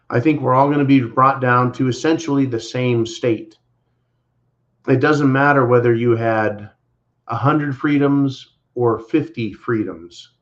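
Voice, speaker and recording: Emphatic man on a lo-fi livestream. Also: mid-range voice. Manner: emphatic, repetitive, addresses viewers as folks. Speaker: livestream co-host. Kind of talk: casual political commentary. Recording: dull lo-fi livestream audio.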